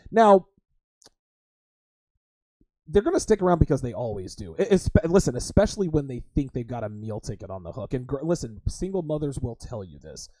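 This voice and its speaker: A man's voice: mid-range voice, very animated, moderate pace, dark tone, no echo. A man hosting a livestream podcast, talking crudely and emphatically and repeatedly calling his listeners guys. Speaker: host.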